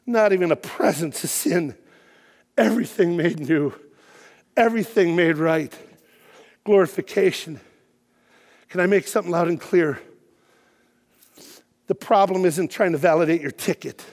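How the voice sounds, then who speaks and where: A middle-aged man preaching a sermon to his congregation, emphatic and building to shouted peaks. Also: high voice, unhurried, long pauses, some chatter behind. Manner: emphatic preaching, shouting at peaks, quiet when telling personal story. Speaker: pastor. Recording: long hall reverb.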